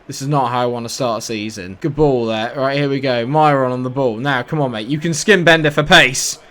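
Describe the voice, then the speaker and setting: A young British man, who makes gaming videos on YouTube, commentates his football video game match live, frustrated and sarcastic, swearing as he goes. He has a British English accent and a medium-pitched, fairly bright voice, and he speaks fairly quickly.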